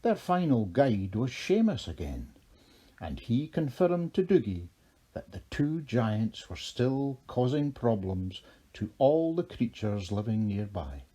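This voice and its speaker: A man narrating a children's storybook in a measured, expressive way. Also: medium pitch, breathy edge.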